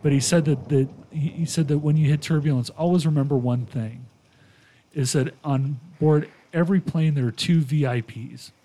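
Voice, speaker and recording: A man hosting a casual podcast chat, telling a long story and acting out quoted lines with lively energy. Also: a little high, moderate pace. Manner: animated retelling with quoted voices. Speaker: podcast host.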